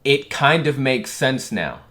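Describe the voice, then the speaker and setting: A young man hosting a manga reaction, muttering through the pages and breaking into loud, surprised exclamations. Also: medium pitch, sing-song, slow. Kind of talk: reading aloud and reacting.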